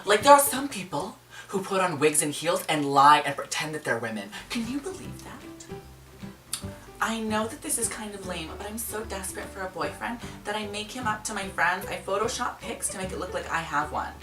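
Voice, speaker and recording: A woman hosting a casual chat show, talking in an animated, dramatic way with gasps and outbursts. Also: medium pitch, brisk. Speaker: host. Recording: roomy echo, distant mic, faint music.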